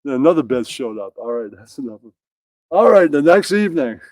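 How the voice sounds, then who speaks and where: A man reading out crude, profane jokes and a comedy skit in a deadpan way. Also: medium pitch, fairly quick, no echo, clean studio sound.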